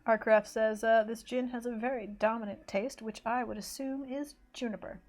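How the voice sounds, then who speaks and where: Faint music plays as a woman streamer draws and chats casually, rambling, correcting herself, and lapsing into mock race commentary. Her voice is a little high and darkish, with a steady tone and moderate pace.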